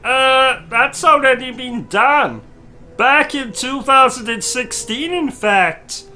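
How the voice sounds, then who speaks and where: Man playing a meek, high, bright-toned assistant, slow and umming, faint music behind. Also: full character voice. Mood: hesitant. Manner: starts nearly every line with a nervous "um" or "uh". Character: timid, hesitant male sidekick assistant.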